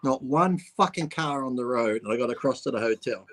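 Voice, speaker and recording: A man's voice: mid-range voice, lively intonation, a little fast. Swearing Australian man telling stories. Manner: swearing, storytelling, laughing. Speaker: bodybuilder, co-host. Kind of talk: casual chat.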